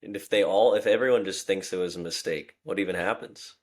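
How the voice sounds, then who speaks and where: A man's voice: deep voice, fairly quick. A man co-hosting a casual podcast, chiming in with short questions. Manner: chimes in with short questions and laughs. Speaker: podcast co-host. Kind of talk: casual chat.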